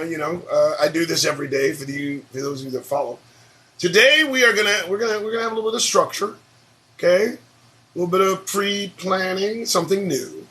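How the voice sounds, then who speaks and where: A man's voice: high-pitched, pushed and bright. A man hosting his daily morning talk show, rambling and swearing casually as he drifts between topics. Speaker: show host.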